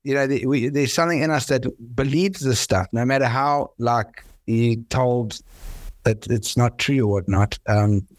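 A man chatting casually on a podcast, halting and searching for his words. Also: mid-range voice, dry recording.

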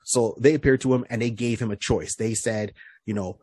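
A man's voice: mid-range voice, steady tone, brisk, darkish tone, husky, dry recording, studio quality. A man co-hosting a podcast, casually recapping a comic book hero's story, rambling with lots of fillers and restarts. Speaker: podcast co-host.

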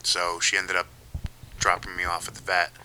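Young male co-host, very deep but sharp-toned voice, dry self-mocking humor, faint hiss. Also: monotone, moderate pace, rough recording. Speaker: podcast co-host. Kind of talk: casual chat.

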